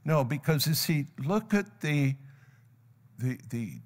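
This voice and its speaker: An older male pastor preaches a sermon in a church sanctuary, telling a parable and acting out the voices of its characters. His voice is a little high, animated and slow. The long reverb of the church hall carries the sound, with a live congregation audible in the background.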